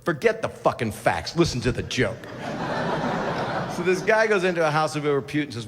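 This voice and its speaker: A man's voice: medium pitch, lively intonation, a little fast, a bit bright. A middle-aged man doing a rambling, crude stand-up routine with constant asides. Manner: crude, digressive, self-interrupting asides. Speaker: stand-up comedian. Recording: reverberant hall with crowd ambience.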